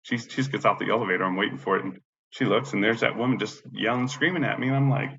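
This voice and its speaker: Gravelly, profane man rambling through a story. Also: lowish voice, quick pace, sharp tone. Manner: rambling, profane, repeats himself. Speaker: disabled veteran tenant. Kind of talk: casual spoken storytelling. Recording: dull lo-fi recording with faint background noise.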